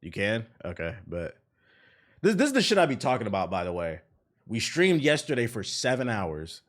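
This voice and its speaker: Excitable, swearing male streamer. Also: fairly low pitch, moderate pace. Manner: blunt, profane, excitable. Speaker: streamer and host. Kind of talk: casual reaction commentary.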